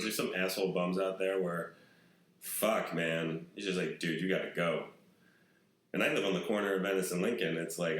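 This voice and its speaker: Man, low voice, casual rambling storyteller, swears a lot, echoey room. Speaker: podcast host. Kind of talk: casual chat.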